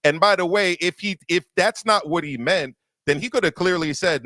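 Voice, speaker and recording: Emphatic higher-voiced man arguing hard. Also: lively intonation, fairly quick, few pauses, sharp tone, no room sound, clean studio sound. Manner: emphatic, argumentative, repeats words when pressing a point. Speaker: boxing debate panelist. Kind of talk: heated panel debate.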